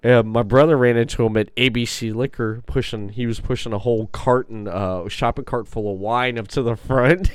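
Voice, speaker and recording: A man's voice: mid-range voice, steady tone, normal speed, clean tone, no echo. A man hosting a podcast, telling rambling stories in casual chat and laughing often. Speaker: podcast host.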